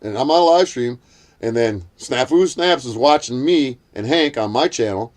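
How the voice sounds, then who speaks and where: A man with an expressive, slightly mellow voice speaks at normal speed, telling a heated story during a casual chat. It's full of swearing, and he acts out what others said using a shrill voice.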